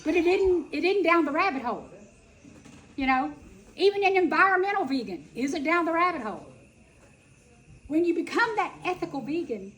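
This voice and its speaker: A middle-aged woman telling a personal story at a festival, dramatic, acting out quotes and swinging between loud and soft. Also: high-pitched, big pitch swings, moderate pace, long pauses, low-quality recording. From Texas. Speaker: speaker at a festival. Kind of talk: storytelling talk.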